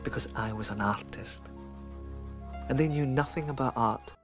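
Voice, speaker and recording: A man's voice: medium pitch, normal speed, lightly acted. An actor playing a wry adult artist giving a dry voiceover about his family, heard from a film clip with music behind.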